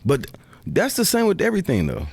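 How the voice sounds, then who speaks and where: A man's voice: high voice, wildly swooping pitch, a little fast, vocal fry, breathy edge, dry recording. A man guesting on a podcast in casual chat, rambling and checking in with the listener often. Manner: rambling, repeats "you know what I'm saying".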